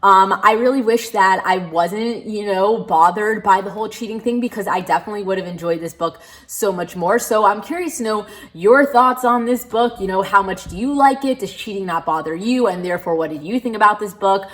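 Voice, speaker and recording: Woman, book vlogger, casual chat, frustrated ranting, swears a lot, lots of "like", mid-pitched voice. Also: fairly quick, hardly any pauses. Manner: frustrated, animated ranting with frequent "like"; swears freely. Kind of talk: casual reading vlog.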